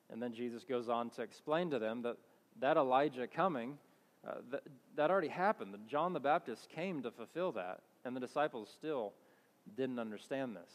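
A man giving a conversational Bible teaching, reading passages aloud and explaining them, often correcting himself as he goes. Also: mid-range voice. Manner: conversational, restarts and self-corrections. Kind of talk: sermon with scripture reading. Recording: long hall reverb.

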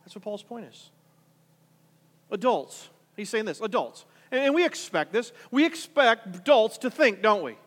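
A man's voice: high voice, sing-song, moderate pace, a bit bright, long reverb tail. A male pastor preaching a conversational sermon, full of rhetorical questions and repeated restarts.

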